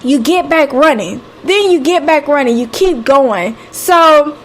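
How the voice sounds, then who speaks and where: A woman's voice: high voice, expressive, unhurried, fairly bright tone. A woman with a Southern American accent, hosting a live motivational talk with a preacher-like, encouraging style, repeating phrases and calling listeners honey and sweetie. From Southern United States. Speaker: radio host. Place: home, live stream.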